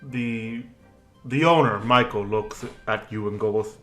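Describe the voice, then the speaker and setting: A man narrating a tabletop game as game master, halting and full of restarts, recorded in an echoey room. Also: lowish voice, fairly bright tone, faint music behind.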